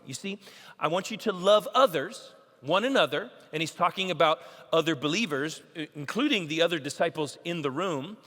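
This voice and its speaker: A man's voice: fairly high pitch, animated, moderate pace, a bit bright. A pastor preaching a sermon, emphatic and repeating his key phrases. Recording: long church hall reverb.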